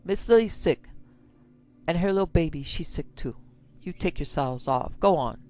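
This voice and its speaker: A woman reading a horror story aloud, voicing a fierce old servant woman with a high, lilting voice. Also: expressive, moderate pace, a little mellow, close to an everyday voice. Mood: defiant. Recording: slightly dull lo-fi recording.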